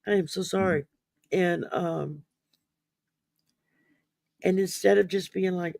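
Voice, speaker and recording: A man with a fairly high, gravelly voice talks through a topic in a loose, rambling way, full of ums and restarts, and sounds sleepy. The recording is close and dry. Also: steady tone, slow, pauses often, darkish tone, no echo. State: sleepy, yawning. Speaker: podcast host. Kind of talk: casual mental wellness discussion.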